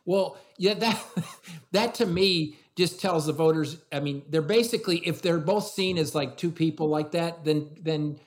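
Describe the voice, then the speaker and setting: A man's voice: a little high, a little slow. A man commentator giving blunt political opinions in conversation. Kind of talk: political chat.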